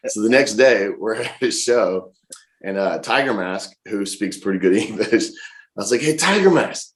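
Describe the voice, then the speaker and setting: A man in his forties, an interview guest, telling lively anecdotes in a casual way and acting out the quotes. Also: lowish voice, moderate pace. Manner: lively anecdotal storyteller, laughs and acts out quotes. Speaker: professional wrestler, interview guest. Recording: roomy echo.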